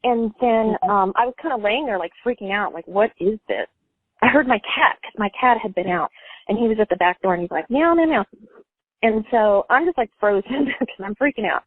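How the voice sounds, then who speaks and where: A woman's voice: medium pitch, a little fast, husky, dry recording. A woman calls in over a thin, tinny phone line and tells a personal story, wandering from point to point. She leans on "like" and "you know" in nearly every phrase. The sound is dry, with no room around her. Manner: rambling, full of fillers and "like". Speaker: caller.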